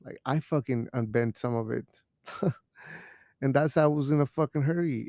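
Speaking from his home studio, a young podcast host keeps the chat casual, rambling, cursing and slipping Spanish words in. The voice has a medium pitch, creaky and mellow, and there's no echo.

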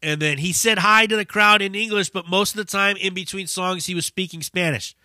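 Brief: male podcast host, swears freely while telling a story, very bright voice, dry close sound. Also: sits high, fairly quick, no room sound. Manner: profane, animated storyteller. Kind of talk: casual storytelling monologue.

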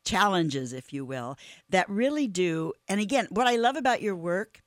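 A woman's voice: medium pitch, animated, moderate pace, no room sound, studio quality. A woman hosting a faith-based interview, speaking with effusive enthusiasm and the careful vowels of a trained voice teacher. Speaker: interview host.

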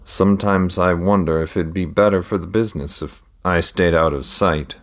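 A man's voice: low voice, fairly even intonation, moderate pace. A man reading as a curious, earnest young son. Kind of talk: audiobook reading.

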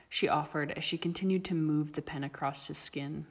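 A woman reading a story aloud as narrator, steady and even. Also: deep voice, normal speed, husky. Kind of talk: audiobook reading of fan fiction. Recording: long reverb.

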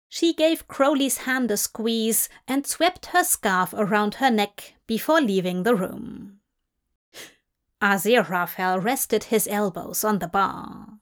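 A woman reading a story aloud in an unhurried, even narration. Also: mid-range voice. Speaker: fanfiction reader. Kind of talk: audiobook narration.

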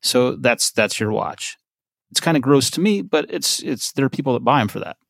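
A man's voice: medium pitch, expressive, moderate pace, gravelly, fairly bright tone, no echo. Wry man in a dry podcast chat. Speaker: podcast co-host. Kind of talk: casual chat.

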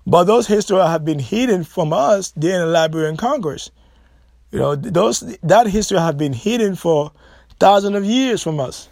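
A man's voice: high-pitched, expressive, normal speed, vocal fry, darkish tone, dry recording, studio quality. A man hosting his own channel, talking to his listeners in a blunt, rambling monologue with many restarts. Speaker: podcast host.

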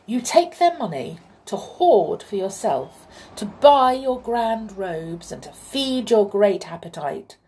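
A woman's voice: medium pitch, big pitch swings, slow pace, hardly any pauses, warm tone, voice pushed up. A woman voicing a clever little male flute player who speaks firmly and lectures the king. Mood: scolding. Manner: firm and lecturing.

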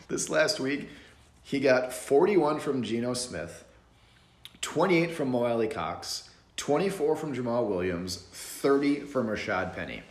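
A man with a low voice talks easily on a podcast, joking and loose, often pausing on um and uh. His voice rings in a roomy, echoey space. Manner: laid-back, joking, full of fillers. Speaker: podcast co-host. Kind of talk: casual chat.

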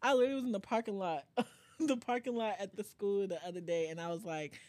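A woman co-hosting a podcast in casual chat, lively, laughing often and swinging between loud and hushed. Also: mid-range voice, fast talker, dry recording. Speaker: podcast co-host.

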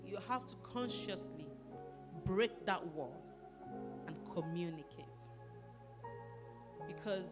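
This woman pastor speaks Nigerian English in a mid-range voice, preaching conversationally and animatedly over music. She laughs a lot and often asks her listeners, "do you understand?"

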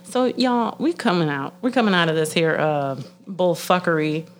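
A woman's voice: lowish voice, moderate pace, soft background music. A young woman chatting casually and bluntly, swearing often and laughing a lot. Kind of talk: casual profane chat.

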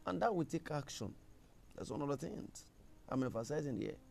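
A man preaching a sermon, emphatic, with a gravelly voice. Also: fairly high pitch, expressive, moderate pace, slight background noise. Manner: emphatic, rising to loud scripture reading.

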